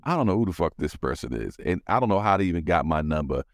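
A man hosting a podcast, telling a story in casual, profane, animated chat. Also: deep voice, fast, no room sound, studio quality. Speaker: podcast host.

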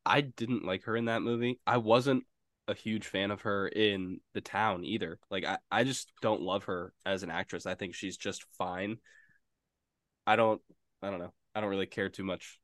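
Blunt, low-voiced podcast co-host man. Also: fairly even intonation, moderate pace, a bit bright, dry recording, clean studio sound. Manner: blunt, opinionated, casual. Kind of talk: casual movie review chat.

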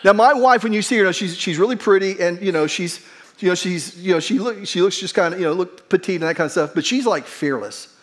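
Talking fast in a high-sitting voice, this middle-aged pastor delivers a sermon in a conversational style. He tells a funny story about himself, earnest and self-deprecating.

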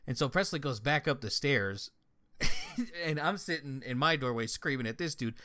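A young man in casual chat, telling a story with lots of swearing and lively energy. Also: medium pitch, normal speed. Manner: profane, animated storytelling.

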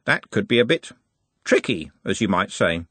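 A man's voice: lowish voice, big pitch swings, moderate pace, sharp tone, slightly rough, dry recording, heavily acted. A man voicing a stern, self-important older servant in an audiobook. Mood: pompous. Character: pompous stern older male candle servant. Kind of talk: audiobook character voice.

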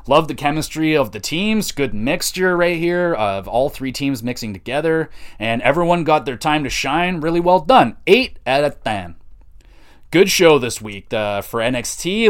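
A man hosting a solo podcast, casually reviewing a wrestling show in a loose, rambling way with frequent fillers and casual swearing. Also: medium pitch.

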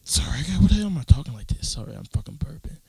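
Alone in his closet, a young man hosts a casual solo podcast, ranting with animated, rambling profanity. His voice is fairly high, racing, and creaky with a breathy edge, and the audio is poor but has no echo.

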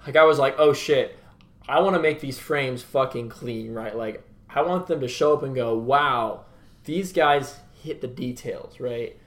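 Dude just talking casually, swears a lot, mid voice. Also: male voice, medium pitch, measured pace. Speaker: host and business co-founder. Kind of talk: casual podcast chat.

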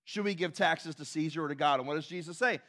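A man's voice: on the high side, fast, fairly bright tone. A man preaching a sermon as pastor, emphatic and asking the congregation questions.

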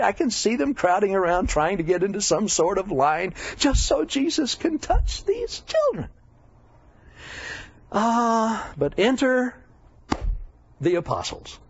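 A man's voice: on the high side, breathy edge, dry recording. A man preaching as a Bible teacher, telling stories with humor and self-deprecating asides. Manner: animated, self-deprecating, chuckling often. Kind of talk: humorous sermon storytelling. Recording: dull lo-fi dry recording.

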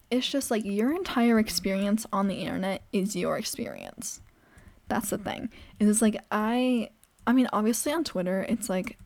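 A teenage girl chatting fast and opinionated in a casual vlog, rambling with lots of "like" and shifting between a harsher voice and a softer, airy one. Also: medium pitch. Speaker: vlogger. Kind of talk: casual chat over gameplay.

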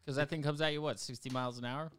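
A young man co-hosting a casual podcast, trading quick, joking, profane banter. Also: fairly high pitch, steady tone, a bit bright, clean tone. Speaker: podcast co-host. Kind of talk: casual chat.

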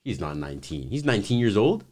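Young man, very deep voice, casual podcast host, laid-back chat. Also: very animated, quick pace, darkish tone. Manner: laid-back, retells clips in mocking voices.

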